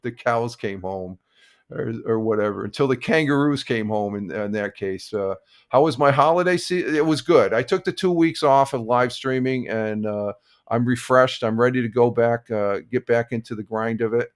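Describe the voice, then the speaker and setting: A man's voice: mid-range voice, normal speed, smooth. An older man chatting on his morning live stream in an easygoing, rambling way. He stops and restarts sentences often and chuckles between thoughts, with a mid-range voice. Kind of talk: casual morning chat stream.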